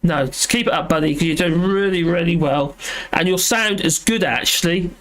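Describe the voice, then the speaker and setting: A man's voice: fairly high pitch, moderate pace, a bit bright. A man hosting a casual livestream from home, rambling and self-deprecating, with lots of fillers and restarts. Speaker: livestream host reading chat. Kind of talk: casual live chat.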